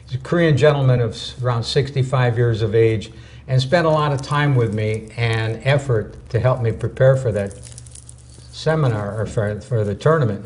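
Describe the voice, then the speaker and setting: A man co-hosting a talk show, telling a story in an animated, anecdotal way. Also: medium pitch. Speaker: co-host.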